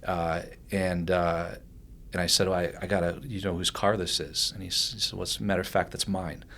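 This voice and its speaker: A man telling a personal story as a podcast guest, animated and rambling, with many restarts and fillers. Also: deep voice, fairly quick, creaky, slight background noise.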